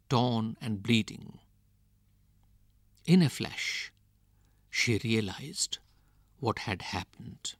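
A man reading a picture book aloud, slow and deliberate, with expressive delivery. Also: fairly low pitch, no echo, studio quality. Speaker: storyteller.

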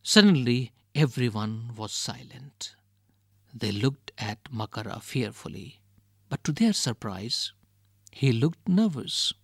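Male storybook reader, expressive, gravelly, dry close sound. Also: takes it slowly, dry recording. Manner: expressive, with swings in pitch and volume. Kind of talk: reading a children's storybook aloud.

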